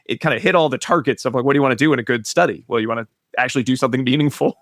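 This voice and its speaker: A man's voice: mid-range voice, racing, a bit bright, no room sound, studio quality. A man co-hosting a podcast, talking casually and joking with his guests. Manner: casual, joking, thinks aloud with fillers. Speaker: podcast co-host. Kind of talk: conversational podcast interview.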